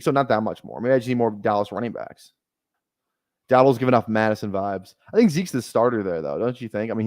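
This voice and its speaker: A man's voice: fairly low pitch, no room sound, clean studio sound. A man streaming fantasy football drafts, chatting casually in a rambling, joking, self-deprecating way. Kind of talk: casual livestream chat while drafting.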